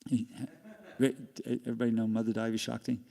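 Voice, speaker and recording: A man's voice: medium pitch, monotone, quick pace, gravelly, mellow. An older man giving a class, telling a rambling personal story with laughs along the way. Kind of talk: storytelling talk. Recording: long hall reverb.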